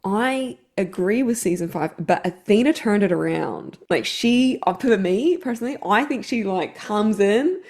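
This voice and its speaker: A woman with a New Zealand accent co-hosts a casual podcast. Her voice sits at an ordinary middle pitch. She teases her partner and steers the conversation with a playful edge. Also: expressive, moderate pace, hardly any pauses, a little mellow. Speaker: podcast co-host. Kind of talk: casual chat.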